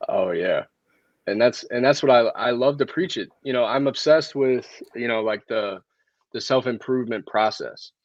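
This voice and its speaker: A man's voice: medium pitch, normal speed, no room sound. Earnest man on a dull call line. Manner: earnest, repeats words while building a point. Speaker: guest, sober living founder. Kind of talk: casual interview chat.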